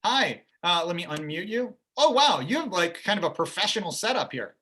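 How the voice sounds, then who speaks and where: Bright-voiced upbeat male game show host. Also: high voice, big pitch swings, fairly quick. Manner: upbeat, chatty, jokey. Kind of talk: livestream game show hosting. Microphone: video call.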